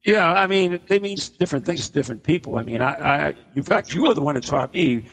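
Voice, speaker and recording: A man's voice: a little high, animated, fast talker, fairly bright tone, in a large hall. A man hosting a live radio show, talking in a rambling way that keeps correcting itself. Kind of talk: casual on-air chat. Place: inn function room at a live broadcast.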